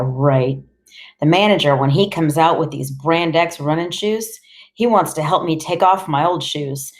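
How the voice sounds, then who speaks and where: A woman narrating an audiobook in the first person, with a deadpan, wry delivery. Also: low voice.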